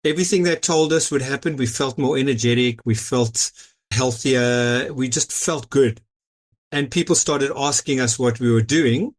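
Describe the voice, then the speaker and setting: A man's voice: mid-range voice, moderate pace. A middle-aged man with a South African accent, a guest in an interview, telling his story in an easygoing way with frequent "you know"s. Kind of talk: casual interview over a call.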